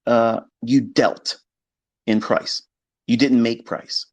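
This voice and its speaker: A man's voice: mid-range voice, steady tone, slow, dry recording. A man giving a blunt, profane, combative monologue about trading, mimicking his critics along the way. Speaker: trading educator. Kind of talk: unscripted monologue lecture.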